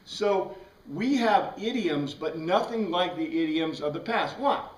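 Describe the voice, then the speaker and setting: A man's voice: high voice, expressive, measured pace, distant mic. Man teaching a class in an echoey room. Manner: conversational, asks the class questions, frequent "right?". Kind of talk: informal classroom lecture.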